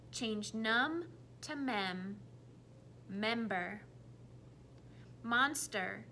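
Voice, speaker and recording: Lady teacher doing phonics with kiddos, slow careful words, a bit high, soft room hum. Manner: slow, clearly enunciated, repeats words for kids to echo. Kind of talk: phonics lesson for children.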